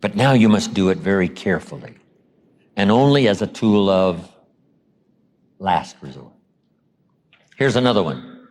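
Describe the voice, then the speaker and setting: Animated older man giving a motivational talk. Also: low-pitched. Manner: animated, acts out quotes with dramatic pauses. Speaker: motivational speaker.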